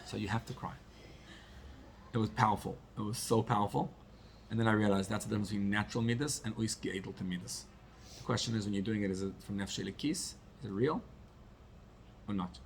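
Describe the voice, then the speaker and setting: A man's voice: lowish voice, creaky, slight background noise. A man, a rabbi, teaching a class in a conversational way, telling personal stories and dropping Yiddish and Hebrew terms.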